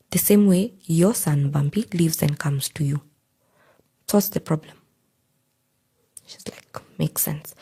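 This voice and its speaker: Husky gravelly woman telling a story. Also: deep voice. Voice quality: very husky, breathy. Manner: animated retelling, acting out quoted lines. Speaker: podcast guest. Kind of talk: personal storytelling.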